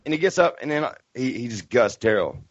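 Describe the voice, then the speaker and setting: Male co-host, expressive swinging pitch, giggly; dry, dull line. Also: quick pace, no echo. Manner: animated, laughs often, acts out scenes. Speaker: podcast co-host. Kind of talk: casual chat. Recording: dull lo-fi Skype audio.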